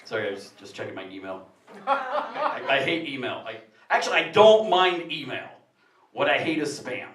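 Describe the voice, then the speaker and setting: A man's voice: on the high side, sing-song, normal speed, a crowd in the background. A man doing punchy, upbeat stand-up comedy on a small café stage, recorded from a distance in an echoey room with the audience around him.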